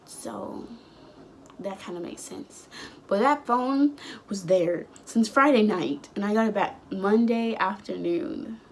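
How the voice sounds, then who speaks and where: A teenage girl in a casual storytime vlog with a mid-range voice, rambling through her story and jumping into the lines of everyone in it. Her pitch shoots up sharply whenever she gets worked up. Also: a little slow, noisy background. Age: late teens. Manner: animated, rambling storytelling with sudden high outbursts; acts out quoted dialogue. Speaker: vlogger.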